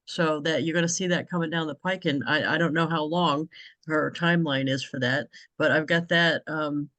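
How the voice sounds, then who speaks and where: A woman's voice: low-pitched, fairly even intonation, normal speed, a bit bright, no room sound. Chatty New England woman on a video call. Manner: chatty, laughs often. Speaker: host. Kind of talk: casual chat.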